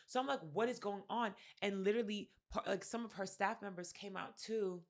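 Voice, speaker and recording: Podcast co-host, woman, lively storyteller who plays every quote out loud. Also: mid-range voice, normal speed, few pauses. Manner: animated storyteller, acts out quotes, swears freely. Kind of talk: casual chat, storytelling.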